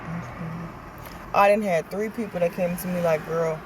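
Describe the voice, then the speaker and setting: A woman with a Southern American accent, telling stories in a chatty, animated vlog and acting out what people said. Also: fairly low pitch, unhurried, noisy background. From Southern United States. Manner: chatty, animated storytelling with acted-out quotes. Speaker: vlogger. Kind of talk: casual chat.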